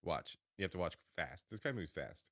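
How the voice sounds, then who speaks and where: A man hosting a reaction show, talking excitedly and repeating himself as he speaks to viewers. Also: deep voice, normal speed, vocal fry, dry recording, studio quality. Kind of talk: reacting to a video.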